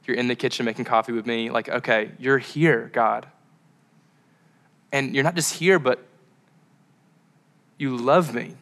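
A young man gives a relaxed sermon to a crowd in a bright, forward voice. He rambles, wanders off on tangents, and keeps dropping in fillers. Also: medium pitch, unhurried, long pauses. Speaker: preacher. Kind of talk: casual sermon to a live crowd.

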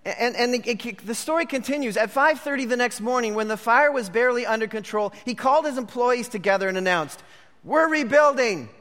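A male pastor preaching with a high, bright voice. His emphatic sermon rings with a long reverb through a large hall. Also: a little fast, few pauses.

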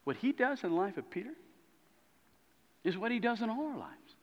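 A man preaching a sermon as a pastor, telling a story with lively swings between loud and hushed moments. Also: high voice, moderate pace, pauses often. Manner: animated storytelling, dropping to hushed tones. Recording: dull lo-fi sound in a reverberant hall.

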